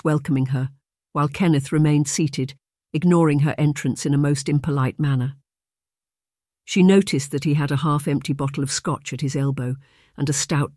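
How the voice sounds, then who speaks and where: An audiobook narrator reading a historical romance in a measured, even storytelling manner. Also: medium pitch, no echo, studio quality. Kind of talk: scripted narration.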